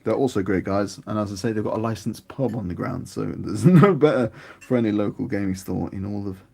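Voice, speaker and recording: British male streamer, low gravelly voice, dark tone, rambling casual hobby chat. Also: a little fast. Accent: British English. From United Kingdom. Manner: rambling, chatty, grows animated. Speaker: miniature painting streamer. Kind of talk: casual chat while painting.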